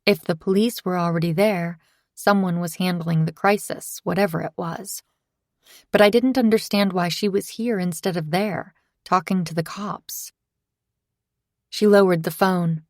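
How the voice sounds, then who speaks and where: Low gravelly woman narrator. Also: a little slow, no echo, clean studio sound. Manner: steady first-person storytelling. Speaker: audiobook narrator. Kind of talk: scripted narration.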